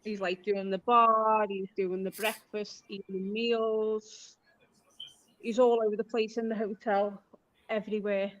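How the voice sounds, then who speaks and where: A fairly bright, mid-range female voice with little pitch movement, talking a little slowly. She comes from Liverpool, has a Liverpool accent, and tells stories casually on a live stream, acting out quoted lines over dull lo-fi audio.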